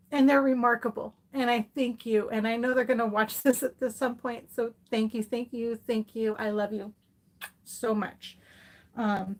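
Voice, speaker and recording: A middle-aged woman with a slightly high voice, talking casually to her viewers as she shows off yarn and fiber. She gushes over each piece and wanders into chatty asides, filling gaps with ums. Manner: gushing and chatty, with fillers and asides. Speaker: fiber crafts vlogger. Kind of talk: casual yarn haul chat.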